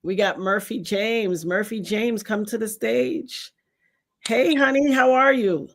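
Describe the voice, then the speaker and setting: A woman with a New York accent hosting a casual live stream. She is effusive and openly religious, and keeps giving shout-outs to her callers. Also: medium pitch, takes it slowly. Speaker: livestream host.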